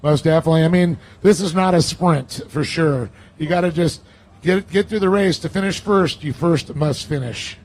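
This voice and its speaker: A man hosting a live outdoor race event, interviewing drivers in an energetic, hyped manner and cheering them on. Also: on the high side, moderate pace, poor audio.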